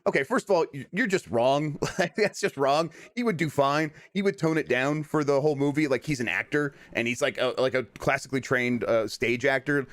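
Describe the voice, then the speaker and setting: A man chatting casually as a podcast co-host, his voice at a middling pitch. He talks in a wry, rambling way and often sinks into low mutters. The sound is dry and close, with no room in it. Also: brisk, few pauses, fairly bright tone, no echo. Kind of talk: casual chat.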